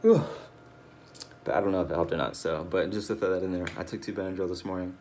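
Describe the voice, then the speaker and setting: A man's voice: sits low, steady tone, racing, a little mellow, slight background noise. A tired, drowsy man rambling through a casual personal video log, swearing often and losing his train of thought. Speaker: video diarist.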